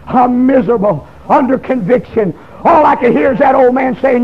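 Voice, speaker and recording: A man, preaching a testimony sermon in a folksy storytelling way that breaks into shouting. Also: extremely high pitch, a little fast, few pauses, slightly rough. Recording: dull lo-fi recording.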